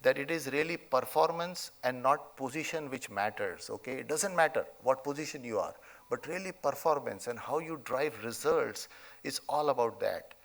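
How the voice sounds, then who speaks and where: A man's voice: mid-range voice, lively intonation, moderate pace, gravelly, a bit bright. A middle-aged man with an Indian accent giving a motivational convocation speech, emphatic, often adding "okay?" and "you know". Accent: Indian English. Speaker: convocation chief guest speaker. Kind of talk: motivational speech with a told story. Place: large convocation hall.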